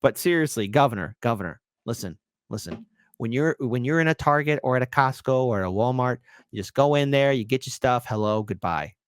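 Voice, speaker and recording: Animated man hosting a commentary show. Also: mid-range voice, fairly quick, smooth, no echo. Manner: animated and mocking, with shouted bursts. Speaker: host. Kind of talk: commentary on news clips.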